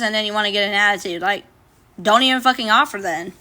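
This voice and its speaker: A woman's voice: medium pitch, fairly even intonation, fast, bright, forceful tone. A young woman livestreaming casually from her phone, reading viewer comments aloud and answering them bluntly, with plenty of swearing. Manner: blunt, profane, reads viewer comments aloud and talks back.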